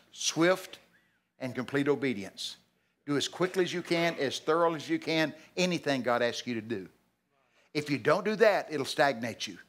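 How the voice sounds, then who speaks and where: Older male preacher, folksy storyteller, bursts up high and loud for emphasis. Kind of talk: sermon. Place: church sanctuary.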